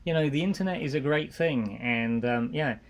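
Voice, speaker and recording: A man's voice: medium pitch, moderate pace. A middle-aged man from England, a guest on an interview podcast, chatting casually and telling anecdotes. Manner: relaxed, anecdotal storytelling. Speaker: guest, marketing executive.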